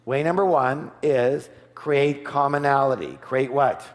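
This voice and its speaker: A middle-aged man giving an energetic, chatty business seminar, often checking with the audience. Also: mid-range voice, a little slow. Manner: energetic, chatty, keeps asking the audience "yes or yes?". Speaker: seminar speaker. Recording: long hall reverb.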